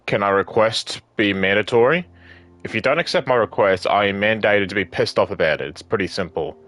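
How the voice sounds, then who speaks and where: Deep-voiced man streaming a game. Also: expressive, normal speed, fairly bright tone. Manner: reads game text aloud, jokes, swears, laughs. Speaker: streamer playing a story game. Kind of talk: casual gameplay commentary and reading dialogue aloud.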